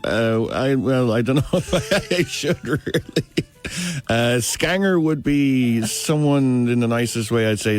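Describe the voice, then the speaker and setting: A man with an Irish accent from County Galway, a radio guest chatting casually, often chuckling and hesitating with fillers. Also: fairly low pitch. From Ireland.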